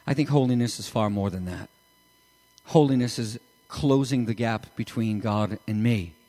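Animated preacher in a reverberant hall. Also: male voice, fairly low pitch, moderate pace. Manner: animated, rising to emphatic peaks. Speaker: pastor. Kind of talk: sermon.

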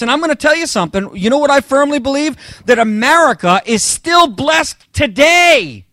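High-voiced, emphatic male preacher. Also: sing-song, moderate pace, few pauses, bright, forceful tone, dry recording, studio quality. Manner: emphatic, talks straight to the congregation. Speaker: pastor. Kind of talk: sermon.

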